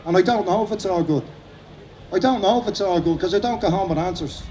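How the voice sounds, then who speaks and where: Fast-talking Irish man rallying a crowd. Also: high-pitched, warm tone, a little hiss or hum. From Ireland. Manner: fast-talking, repetitive, rousing. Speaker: speaker at a rally. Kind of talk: impassioned outdoor rally speech. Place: outdoor park rally.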